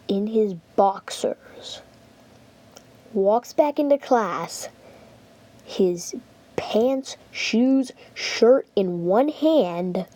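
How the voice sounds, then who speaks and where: A woman's voice: mid-range voice, dark tone. A young woman hosting her channel, telling a casual story with lots of fillers and restarts. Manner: rambling, heavy use of "like" and fillers. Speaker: channel host. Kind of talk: casual story time vlog.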